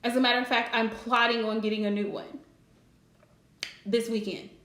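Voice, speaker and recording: A woman's voice: on the high side, flat delivery, moderate pace, fairly bright tone, reverberant. A woman hosting a live stream and giving relationship advice in a chatty, direct way, laughing often. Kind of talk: casual live-stream chat.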